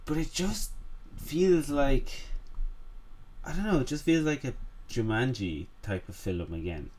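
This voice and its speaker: A man's voice: mid-range voice, measured pace, darkish tone. A young man co-hosting a podcast in casual chat, laid-back and hesitant, with many ums and likes. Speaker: podcast co-host.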